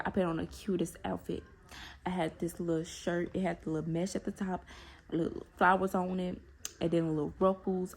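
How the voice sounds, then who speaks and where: A young woman, telling a personal story to her viewers in a casual, animated way with many asides to them. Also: lowish voice, gravelly, a little hiss or hum. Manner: animated, talks straight to viewers with repeated asides. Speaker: storytime vlogger.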